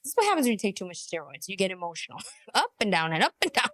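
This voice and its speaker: A woman's voice: medium pitch, sing-song, very fast, fairly bright tone, dry recording. A woman giving mocking reaction commentary, laughing often and mimicking what she hears.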